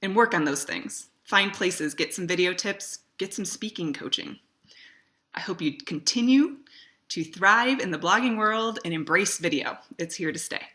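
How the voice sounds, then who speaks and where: A woman's voice: lowish voice, normal speed, few pauses, bright, forceful tone. A woman talking straight to camera in a conversational way, giving advice on speaking for video and stressing words for emphasis. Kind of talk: casual direct-to-camera talk.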